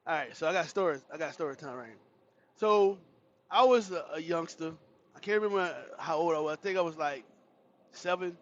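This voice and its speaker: High-voiced guy on a stream telling a story, laughing and cussing, dull lo-fi audio. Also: a little fast. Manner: animated, laughing, profane storyteller. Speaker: livestream host. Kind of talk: casual storytelling to a live chat.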